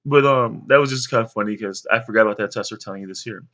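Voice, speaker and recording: A young man casually telling rambling stories to his sons, with many fillers and lively bursts when he quotes others. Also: on the low side, rapid-fire, muffled recording. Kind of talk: casual storytelling to camera.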